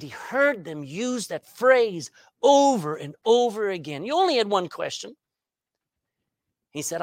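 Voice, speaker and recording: A man preaching a sermon, asking rhetorical questions and swinging between loud and soft. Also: high-pitched, sing-song, a little slow, no room sound.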